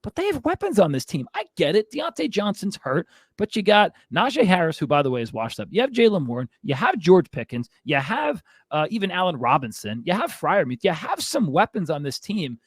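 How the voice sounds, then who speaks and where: A man hosts a fantasy football podcast, ranting with casual exasperation in this sports commentary. His voice sits high and swings widely in pitch, brisk with a breathy edge. The recording is dry and studio quality.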